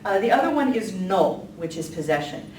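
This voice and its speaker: A woman's voice: mid-range voice, sing-song, normal speed, a little mellow. A woman giving a casual, chatty lesson, with many ums and light laughs. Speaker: language teacher. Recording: echoey room from a distance, faint noise.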